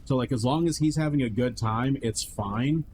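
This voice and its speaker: A man's voice: mid-range voice, normal speed, a little mellow, a little hiss or hum, poor audio. A man streamer telling a long, rambling story in casual chat, heavy on swearing and filler words, acting out what others said. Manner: rambling, profane, lots of fillers and quoted voices.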